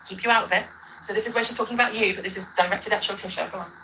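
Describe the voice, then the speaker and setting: A woman's voice: medium pitch, steady tone, rapid-fire, heavy background noise. A woman ranting in a reaction video, rambling, combative and correcting herself as she goes, played back during a livestream. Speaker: livestreamer in a dispute.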